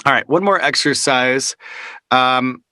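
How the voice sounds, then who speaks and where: Over a video call, a man leads a live online workshop through a close studio microphone, with no echo. His medium-pitched voice sounds pushed and bright as he takes things slowly. He speaks casually, full of fillers and restarts.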